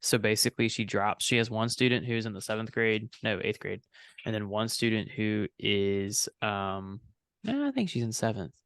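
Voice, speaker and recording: A man's voice: lowish voice, expressive, normal speed, gravelly, a bit bright, clear, resonant tone, no echo. A young adult man co-hosting a casual podcast, telling a rambling story and often correcting himself. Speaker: podcast co-host and student minister.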